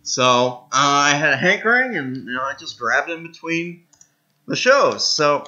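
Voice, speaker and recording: A man's voice: a little high, very animated, moderate pace, sharp tone. A man hosting a let's-play, rambling in casual gameplay commentary and talking between mouthfuls of candy. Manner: rambling and self-amused, talks while munching candy. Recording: dull lo-fi with faint music.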